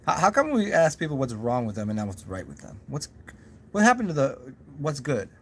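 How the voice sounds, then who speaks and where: A man's voice: medium pitch, huge pitch swings, fairly quick, a little hiss or hum. A young man talking in a casual, rambling monologue to his camera, musing aloud with many restarts and asides. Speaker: vlogger.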